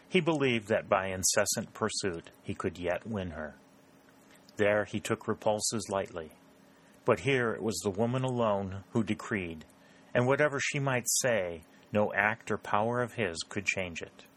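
Guy reading an old novel aloud, lowish voice, steady pace. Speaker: audiobook narrator. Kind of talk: scripted narration of a novel.

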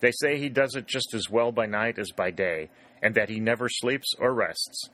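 A man voicing a powerful middle-aged farm woman who speaks loudly and bluntly. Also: mid-range voice, normal speed, lightly acted. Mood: defiant. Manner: loud, exclaiming.

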